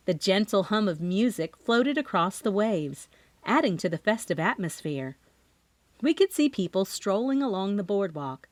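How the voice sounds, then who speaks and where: A woman's voice: medium pitch, no room sound. A woman narrating a cozy mystery audiobook in the first person, as a scripted reading. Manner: expressive first-person storytelling.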